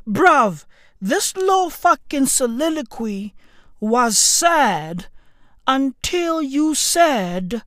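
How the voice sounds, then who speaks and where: A woman giving a sarcastic, mock-solemn commentary rant, full of slang and profanity, that swings to sudden shouts. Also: a little high, big pitch swings, slow, no echo, studio quality. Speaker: online commentator.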